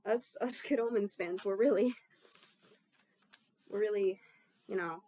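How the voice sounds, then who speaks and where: A woman's voice: medium pitch, measured pace, darkish tone. A young woman chatting casually while she bakes in her kitchen, rambling and mocking herself, swearing freely. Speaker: baking vlogger.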